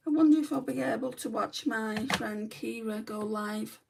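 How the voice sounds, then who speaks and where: Woman, rambling, frequent ums, creaky, a little distant from the mic. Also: fairly high pitch, moderate pace, slight background noise. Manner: chatty, rambling, many ums. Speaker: beauty vlogger. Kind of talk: casual chat while doing makeup. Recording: voice a bit far from the mic.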